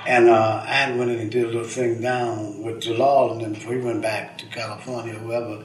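A man's voice: medium pitch, flat delivery, fairly quick, slight background noise. Older guy, poet, talks emphatic and salty, says man a lot, far off mic in a roomy space. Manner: rambling, emphatic, profane, repeats "man". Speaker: veteran poet and guest. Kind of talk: candid interview storytelling. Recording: echoey room, distant mic, faint ambience.

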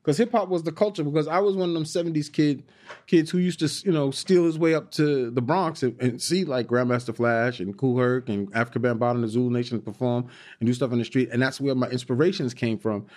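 A man in his fifties from Long Island, a guest in a studio, telling stories in an animated way. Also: mid-range voice, quick pace. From Long Island, New York. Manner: animated storyteller, acts out other people's voices. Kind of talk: casual interview storytelling. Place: recording studio.

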